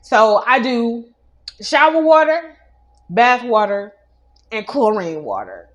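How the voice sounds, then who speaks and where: A woman's voice: fairly high pitch, big pitch swings, takes it slowly, muffled recording. A young adult woman hosting a casual celebrity news show, chatty and opinionated, with many asides. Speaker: news host.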